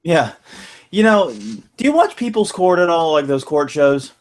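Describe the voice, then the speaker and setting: A man's voice: a little high, sing-song, unhurried. Chatty man hosting a podcast. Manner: chatty, laughs often, wry asides. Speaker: podcast host. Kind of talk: casual podcast chat.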